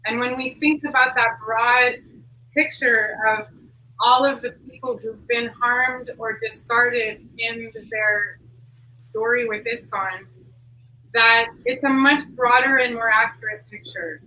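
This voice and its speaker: A woman's voice: on the high side, steady tone, slow, pushed and bright. A woman talking candidly as an interview guest, earnest and leaning on "like" as a filler. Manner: earnest, heavy use of "like" fillers. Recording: distant mic with faint noise.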